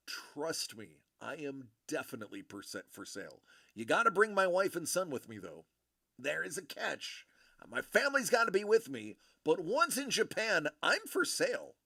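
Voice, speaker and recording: Animated joking man hosting a stream. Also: a little high, gravelly, dry recording, clean studio sound. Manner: joking, animated, rambling banter. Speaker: livestream host breaking trading cards. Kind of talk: casual chat with a live audience.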